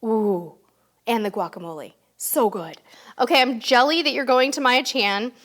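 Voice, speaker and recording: Casting note: upbeat woman, thirties, live-stream host, voice sitting a little high. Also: moderate pace, fairly bright tone. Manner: chatty, upbeat, reads comments aloud. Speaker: host answering viewer questions. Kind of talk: casual live-stream chat.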